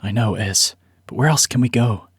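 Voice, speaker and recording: A man's voice: mid-range voice, normal speed, husky, no room sound, studio quality. A man voicing a stubborn, frustrated father who talks bluntly and with exasperation.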